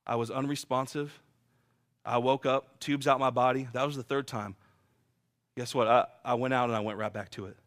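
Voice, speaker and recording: A man's voice: medium pitch, steady tone, moderate pace, a bit bright. A man preaching a sermon and sharing his own testimony, telling stories in a vivid, earnest, emphatic way.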